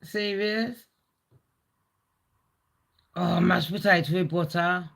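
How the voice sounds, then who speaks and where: Woman on a live stream, slow and blunt, gravelly voice, swears a lot. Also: on the low side, fairly even intonation. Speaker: live stream gossip host. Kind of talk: casual rambling live stream chat.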